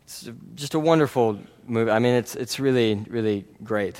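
A man's voice: medium pitch, normal speed, darkish tone. A man preaching a sermon in an earnest, conversational way, often checking in with the congregation. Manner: earnest, conversational, frequent "right?" tags and restarts.

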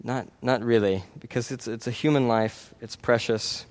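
Here the preacher has a medium-pitched voice, fairly even intonation, and a moderate pace. He addresses the congregation earnestly and conversationally, tossing in "right?" often and restarting his thoughts.

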